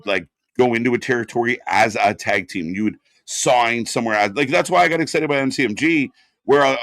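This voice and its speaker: A man's voice: mid-range voice, a bit bright, dry recording, clean studio sound. A man hosting a live wrestling watch-along stream, chatting casually and bluntly with plenty of swearing while answering chat. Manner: casual and profane, reads chat aloud.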